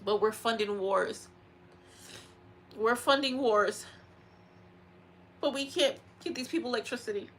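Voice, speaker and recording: A woman's voice: fairly high pitch, a little slow, pauses often, a little hiss or hum. A woman talking to her vlog camera in a frustrated, upset rant, sighing and repeating herself, close to tears at times. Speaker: vlogger.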